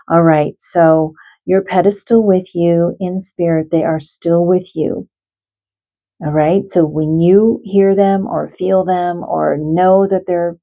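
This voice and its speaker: A woman who is an animal communicator and card reader, giving a spiritual card reading to viewers in a gentle, heartfelt and reassuring way. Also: fairly low pitch, poor audio.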